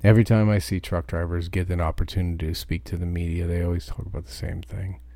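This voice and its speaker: A truck driver giving a profane, ranting podcast monologue. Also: male voice, deep voice, flat delivery, fast, mellow, no echo.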